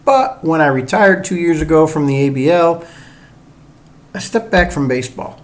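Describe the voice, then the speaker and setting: A man's voice: a little high, animated, moderate pace. Middle-aged man, Northern US accent mixed with a Southern drawl, rambling sports host, casual and self-deprecating. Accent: mix of Northern US and Southern US drawl. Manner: rambling, chatty, many fillers and self-deprecating asides. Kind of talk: casual solo sports talk.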